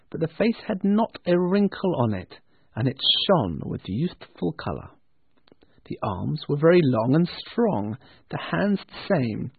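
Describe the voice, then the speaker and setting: A man narrating a storybook with an expressive, lingering delivery. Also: on the high side, breathy edge, no echo. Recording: tinny phone-like dry sound.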